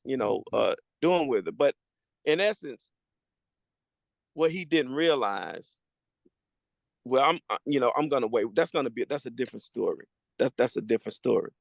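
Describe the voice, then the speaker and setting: A man improvising a story out loud, halting and restarting his phrases. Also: fairly high pitch, vocal fry, no echo, studio quality.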